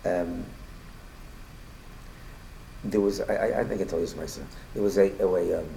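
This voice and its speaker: A man with a low, gravelly voice teaches a Torah class in a fast, conversational flow. He often stumbles and repeats himself, then jumps up in volume when he acts out a quote. Faint noise sits underneath. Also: low-quality recording. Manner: talks in quick bursts, repeats and restarts, rises loudly when quoting. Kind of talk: casual Torah lesson with storytelling.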